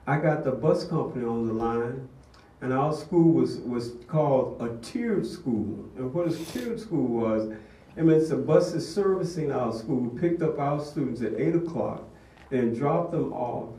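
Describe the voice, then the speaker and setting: A man's voice: medium pitch, dark tone. An older man giving a sermon-style testimony, telling a story in an earnest way. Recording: echoey room, distant mic.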